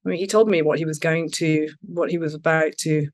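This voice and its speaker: A woman, an interview guest telling stories in a halting, rambling way with many restarts. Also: low voice, steady tone. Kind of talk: casual conversational interview.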